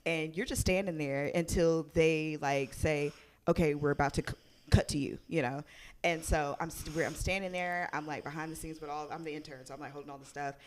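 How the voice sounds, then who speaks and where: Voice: medium pitch, steady tone, brisk, a little hiss or hum. A talk show guest chatting loosely about a past internship, with lots of fillers. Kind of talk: casual chat.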